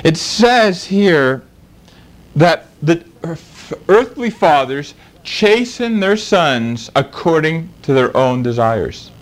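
A middle-aged man preaching a sermon, reading scripture slowly and then explaining it with animated emphasis. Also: a little high, rough recording.

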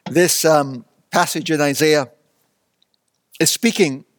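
A man's voice: a little high, fairly even intonation, slow, no room sound. A man preaching a sermon with earnest, emphatic repetition.

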